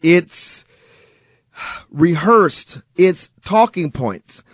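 Lively, animated man hosting talk radio. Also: on the high side, very slow, no echo, clean studio sound. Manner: animated, sarcastic, chuckles. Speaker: fill-in radio host.

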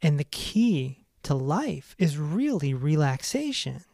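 A man hosting a self-help podcast, talking in an emphatic, animated way and laughing at his own stories. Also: on the high side, slow pace, creaky, no room sound, clean studio sound. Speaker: podcast host. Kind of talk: casual self-help monologue.

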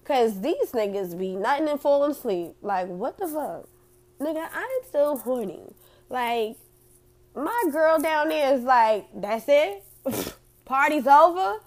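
Woman, host, casual chat, blunt, profane, laughs often, fairly high pitch, very animated. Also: measured pace. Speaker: host reading out audience comments.

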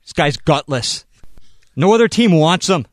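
A man's voice: on the high side, lively intonation, unhurried, no room sound, studio quality. Man doing an irate Canadian hockey player. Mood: indignant. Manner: loud, indignant rant in clipped bursts. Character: furious young male hockey player ranting about a rival. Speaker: radio show host.

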